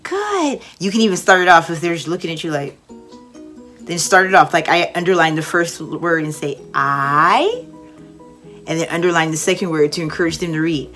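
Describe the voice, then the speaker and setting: A young woman mentoring online English teachers in a casual, lively way, acting out a cheerful classroom voice at times. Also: deep voice, quick pace, faint music behind. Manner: lively, demonstrates with exaggerated teacher voice. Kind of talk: casual instructional talk.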